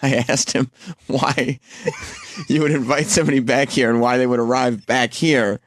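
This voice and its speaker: A man's voice: medium pitch, fairly even intonation, moderate pace, noisy background. Teasing, amused radio staffer man. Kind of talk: casual radio banter.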